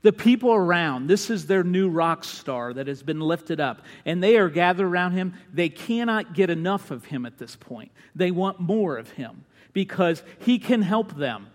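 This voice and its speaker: A man with a high voice delivers an impassioned sermon. He swings from loud, ringing calls to quiet, low lines. His voice echoes with the long reverb of a large church hall. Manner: impassioned preaching, rising to shouts and dropping low. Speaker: pastor.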